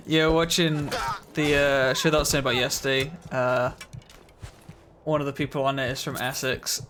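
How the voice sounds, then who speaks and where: A man's voice: a little high, steady tone, moderate pace, noisy background. A man streaming a video game live, chatting casually with his viewers in a laid-back, slightly mumbly way and chuckling often.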